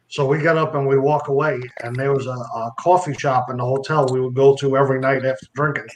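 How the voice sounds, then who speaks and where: A man's voice: mid-range voice, a little fast, few pauses, a little hiss or hum, rough recording. A man telling a comic anecdote as a podcast guest, acting out the lines of the people in it. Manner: animated, acts out other people's lines.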